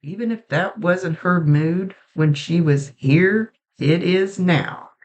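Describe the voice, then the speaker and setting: A woman working as a psychic medium who gives a spoken reading, relaying messages in a halting, conversational way and often restarting her sentences. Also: lowish voice, a little mellow, lo-fi sound.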